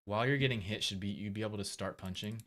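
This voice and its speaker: Low-voiced man thinking aloud. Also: quick pace. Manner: thinks aloud while testing, relaxed. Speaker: game developer and streamer. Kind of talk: casual livestream commentary.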